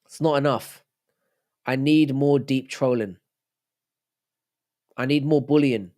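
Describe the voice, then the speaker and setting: A man's voice: medium pitch, slow, darkish tone. A man hosting a livestream, rambling, swearing and joking with his chat. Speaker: livestream host.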